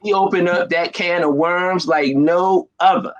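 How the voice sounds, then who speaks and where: Animated middle-aged storytelling man. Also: high-pitched, measured pace, lo-fi sound, a crowd in the background. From New Jersey. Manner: animated storyteller, laughs often. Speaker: guest. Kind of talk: casual chat.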